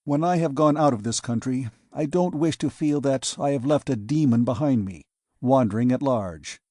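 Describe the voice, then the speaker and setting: A man reading an audiobook, voicing a cold, determined man who speaks in grim, forceful declarations. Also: mid-range voice, moderate pace, dry recording, studio quality, lightly acted. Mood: grim resolve.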